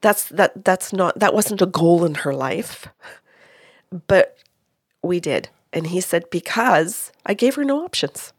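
Woman with a lowish voice telling a story. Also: animated, takes it slowly, slightly rough, no room sound, studio quality. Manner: retells dialogue in quotes, many restarts. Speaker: medium recounting a reading. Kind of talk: casual storytelling.

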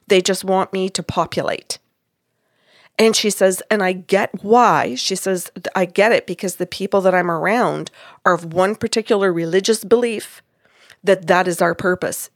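In clean studio sound with no room noise, a woman with a medium-pitched voice, a podcast host and psychic reader, retells one of her readings. Her casual storytelling is animated, and she performs the quoted lines herself.

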